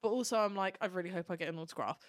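A woman co-hosting a fan podcast, telling a long story in a gushing, animated way and swearing casually. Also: lowish voice, racing, no room sound, clean studio sound. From Turkish heritage. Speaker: podcast co-host. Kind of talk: casual chat.

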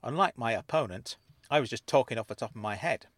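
A man narrating a first-person mystery story in an even storytelling manner. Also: mid-range voice, fast, dry recording.

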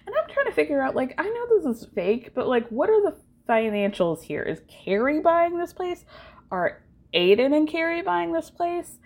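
A woman's voice: high voice, big pitch swings, moderate pace, darkish tone. A woman hosting a podcast, giving a chatty, gossipy recap of a TV show with lots of asides to her listeners. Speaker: podcast host. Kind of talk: casual pop culture TV recap.

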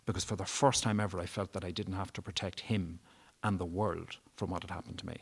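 A man's voice: sits low, fairly even intonation, fast, gravelly, breathy edge. A man, a guest at a live event, candidly and emotionally telling a personal story and swearing freely. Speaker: interview guest. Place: live event before an audience.

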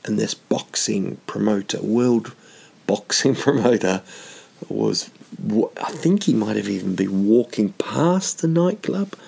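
A comedian with a low, gravelly, slightly husky voice, spinning rambling self-mocking anecdotes. He wanders off on tangents and restarts his sentences as he goes. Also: lively intonation, measured pace, darkish tone. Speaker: stand-up comedian. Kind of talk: rambling comic storytelling.

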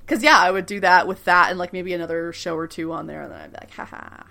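A woman co-hosting a casual podcast, excitable and quick to laugh, swearing casually as she chats. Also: on the low side, gravelly. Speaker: podcast co-host.

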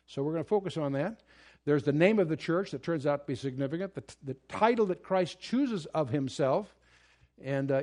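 A man's voice: a little high, darkish tone. Emphatic man teaching Bible study. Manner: earnest, emphatic, with restarts and asides. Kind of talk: verse-by-verse Bible study lecture.

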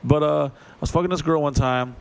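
A man's voice: on the high side, a little fast, gravelly, clear, resonant tone. A man in casual chat telling crude, profane anecdotes and acting out the other people in them. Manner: profane storyteller who acts out voices. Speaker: touring performer.

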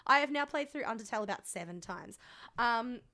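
A woman's voice: fairly high pitch, expressive, a little fast, pushed and bright. A young woman co-hosting a podcast in casual chat, laughing often and swearing freely. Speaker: podcast co-host.

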